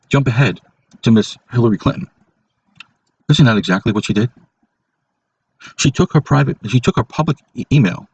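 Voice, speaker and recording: A man's voice: medium pitch, dull audio, a little hiss or hum. A man hosting a casual monologue podcast, talking emphatically and repeating points for stress. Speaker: podcast host.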